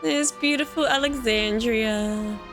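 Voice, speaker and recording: An Australian woman in her thirties gushes over a beloved game with an excitable, giggly warmth. She talks slowly, and her voice sits a little high for a woman. Faint game music plays beneath her. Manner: excitable and gushing, laughs often. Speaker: let's play gamer. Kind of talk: nostalgic game commentary.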